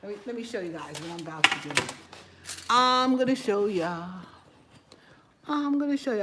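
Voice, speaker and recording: A woman's voice: mid-range voice, a bit bright. A woman from New York with a New York accent, chatting casually while she cooks for her channel. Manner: chatty, talks while cooking. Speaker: cooking channel host. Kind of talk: casual cooking vlog chat.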